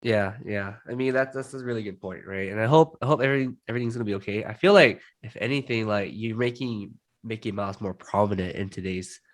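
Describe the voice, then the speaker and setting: A man's voice: on the low side, quick pace, few pauses. A man hosting a casual interview, talking conversationally and often tagging his questions with "right?". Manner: conversational, tags questions with 'right?'. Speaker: podcast host.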